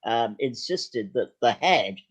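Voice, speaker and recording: An older man, a guest actor and writer, telling lively, self-deprecating anecdotes with some hesitation in casual chat. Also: medium pitch, slow pace, breathy edge.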